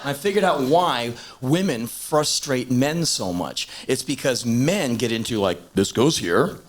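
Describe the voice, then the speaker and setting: A man's voice: medium pitch, lively intonation, unhurried. A man in his thirties doing a blunt, punchy stand-up monologue on stage, swinging into acted voices, on a hissy live tape. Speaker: stand-up performer. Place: stage in a large venue.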